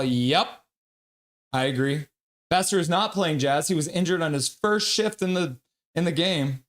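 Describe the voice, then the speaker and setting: Man calling hockey play-by-play, higher-pitched. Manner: reads viewer chat aloud, excitable. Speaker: streamer doing live play-by-play.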